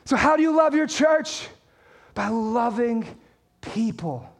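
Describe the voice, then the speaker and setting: High-voiced man preaching energetically. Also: slow. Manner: energetic, conversational preaching with rhetorical questions; reads scripture aloud. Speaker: pastor. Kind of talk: sermon.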